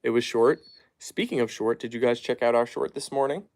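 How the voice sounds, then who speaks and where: A man casually chatting on a live stream at home, reading viewer comments aloud and softly hushing his dogs. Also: medium pitch, fairly quick. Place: at home, down in the basement.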